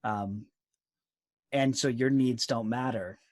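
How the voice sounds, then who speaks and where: A man's voice: medium pitch, slow. A man in a casual podcast conversation, thoughtfully echoing and building on what was just said. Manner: thoughtful, echoes and builds on points.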